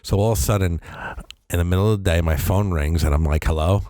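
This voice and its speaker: A man co-hosting a podcast, telling a comic story in a casual, profane way and jumping into high voices when he quotes people. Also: fast, dark tone, no room sound, clean studio sound. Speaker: podcast co-host. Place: podcast studio.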